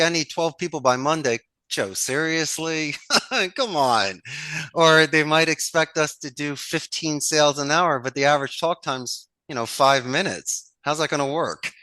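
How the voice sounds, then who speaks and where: A man's voice: a little high, pushed and bright, no echo. A man from Philadelphia, a call center owner, talking in an interview. He speaks emphatically, acts out phone calls and his own lines, and laughs often as he tells stories. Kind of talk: animated interview talk.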